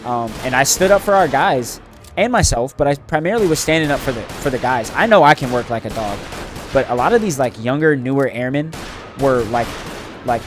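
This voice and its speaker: Young guy streaming a game, rambly emphatic story, quiet game music behind. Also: medium pitch, lively intonation, fairly quick. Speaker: gaming streamer. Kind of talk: casual chat while gaming.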